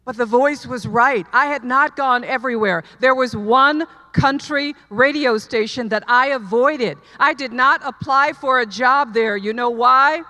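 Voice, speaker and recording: A woman's voice: on the high side, unhurried, few pauses, bright, forceful tone. A middle-aged woman giving a commencement speech, telling her story earnestly and repeating lines for emphasis. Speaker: commencement speaker. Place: large hall, live audience. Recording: long hall reverb.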